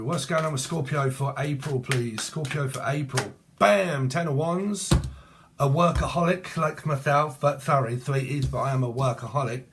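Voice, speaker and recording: A man's voice: medium pitch, a bit bright, slight background noise. A middle-aged British man giving a casual tarot reading, with rambling, crude talk and laughing asides. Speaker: tarot reader.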